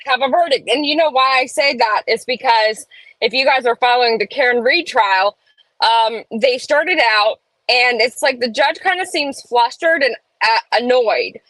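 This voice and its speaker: Casting: woman, slightly high voice, chatty live-stream host, dry close sound. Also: moderate pace, a bit bright, no echo, rough recording. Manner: chatty, reads chat aloud, opinionated asides. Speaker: livestream host. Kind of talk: casual live-stream chat. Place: home room.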